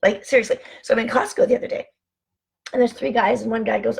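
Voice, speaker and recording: A woman hosting a casual motivational vlog from home, chatty and animated as she tells anecdotes. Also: on the high side, fast, creaky, breathy edge. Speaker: online show host.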